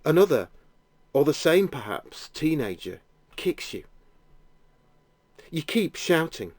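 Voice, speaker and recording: A man narrating a guided imaginative prayer, telling the scene gently in the second person. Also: a little high, expressive, slow pace, long pauses, no echo.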